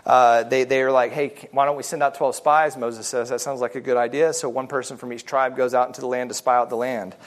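A man's voice: medium pitch, level tone, brisk, few pauses. A man leading a casual Bible study, explaining in a conversational way with frequent fillers and restarts, and reading scripture passages aloud.

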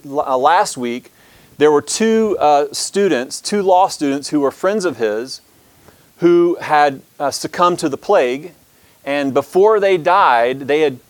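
A man's voice: fairly high pitch, no room sound. A man teaching a church history lesson, who talks with many restarts and fillers and reads long passages aloud.

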